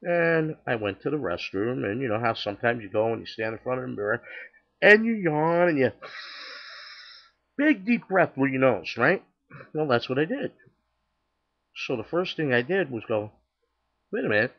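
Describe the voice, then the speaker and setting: An older man chats casually about his personal faith testimony, acting out the dialogue and restarting often. His mid-range voice is very animated, moving at normal speed with long pauses, and the recording sounds lo-fi.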